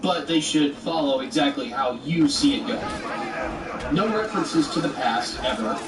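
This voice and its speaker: A man rants back at a video in a sarcastic, exasperated tone, his voice sitting a little high for a man. He sounds set back from the mic in a roomy space, with a faint hiss of noise underneath. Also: moderate pace, far from the mic, a loud crowd. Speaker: commentator rebutting a video. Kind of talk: argumentative commentary.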